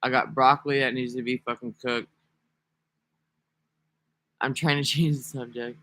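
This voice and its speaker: A man's voice: medium pitch, little pitch movement, moderate pace, pushed and bright. A man talking casually to camera in a rambling, profane, sarcastic vlog monologue. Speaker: vlogger.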